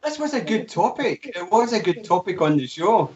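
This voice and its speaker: Playful, teasing man with a higher voice. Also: big pitch swings, moderate pace, a loud crowd. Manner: playful, teasing, stammers and repeats words. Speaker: co-host. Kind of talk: casual chat. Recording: muffled stream audio with background noise.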